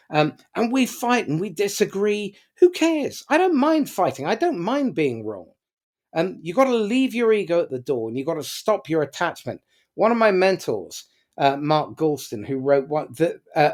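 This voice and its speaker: A man's voice: on the high side, a little mellow. A man speaking as a podcast guest in a casual motivational talk, emphatic, with frequent ums and uhs.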